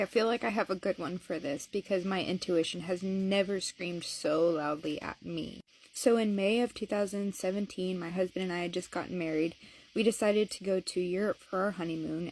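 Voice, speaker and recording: A woman's voice: medium pitch, noisy background. A woman casually telling a personal travel story, hesitating at times and acting out the quoted lines. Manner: conversational retelling, with hesitations and acted-out quotes.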